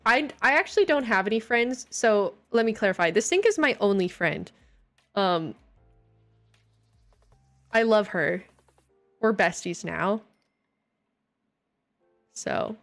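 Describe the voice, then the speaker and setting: A young woman chats her way through a live game stream from home, unhurried and drawn out. She keeps up a joking, self-deprecating patter and reads viewers' messages aloud. Faint music plays behind her. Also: mid-range voice, expressive, fairly bright tone. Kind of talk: casual live-stream chat while playing.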